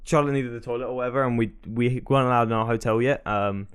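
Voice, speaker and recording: Young guy, quick rapid delivery, casual swearing storyteller. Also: medium pitch, fairly even intonation, clear, resonant tone. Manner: fast, swearing, storytelling with put-on voices. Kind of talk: casual chat.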